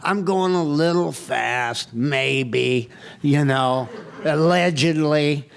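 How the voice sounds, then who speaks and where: Gravelly slow man telling his story. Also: fairly high pitch. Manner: storytelling, self-mocking humor, candid. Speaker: guest speaker. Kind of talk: recovery meeting share. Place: retreat hall, recorded live.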